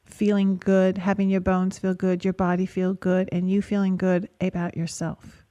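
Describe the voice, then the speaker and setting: A woman hosting a call-in radio advice show, calmly coaching a caller with gentle, repetitive phrasing. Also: on the low side, moderate pace. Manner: calm, coaching, speaks in gentle repeated phrases. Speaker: radio talk show host and therapist.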